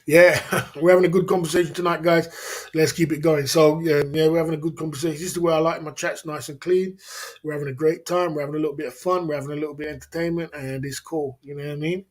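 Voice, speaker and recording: A man's voice: a little high, steady tone, fast. A man hosting a casual livestream chat, talking loosely, laughing often and checking in with his viewers. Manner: chatty, laughs often, keeps asking "you know what I mean". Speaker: livestream host.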